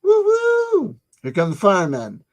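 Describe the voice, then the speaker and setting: A channel host with a medium-pitched, darkish voice rambles unhurriedly through dates and history. He digresses, cracks jokes, answers himself, and stumbles over and repeats his words.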